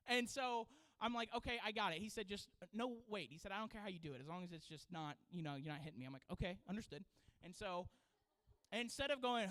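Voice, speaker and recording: A man who is a children's pastor, preaching a sermon and telling a story in an animated way with frequent laughter. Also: sits high, fairly quick, smooth, low-quality recording. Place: church sanctuary.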